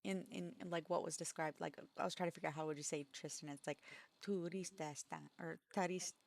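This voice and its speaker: A woman's voice: deep voice, fairly even intonation, fast, gravelly. A woman co-hosting a game stream from home, telling a rambling story in casual chat and breaking into giggles. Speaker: streamer co-host.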